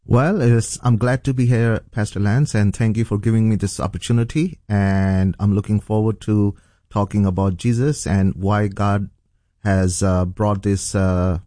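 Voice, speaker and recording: A man's voice: on the low side, steady tone, a little slow, dark tone, no room sound, studio quality. A middle-aged man from Pakistan, a pastor, earnestly telling his personal testimony as an interview guest. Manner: earnest, storytelling.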